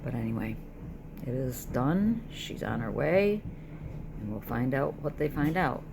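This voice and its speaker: A woman's voice: extremely low pitch, sing-song, unhurried, creaky. A middle-aged woman recording a personal video diary, talking through her worries in a distressed way. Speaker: vlogger. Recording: noisy background.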